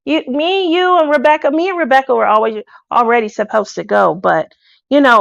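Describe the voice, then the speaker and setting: A woman's voice: sits high, a little fast, vocal fry, dry recording, highs cut off. A woman hosting a craft video, chatting casually to her viewers and laughing often. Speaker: craft channel host.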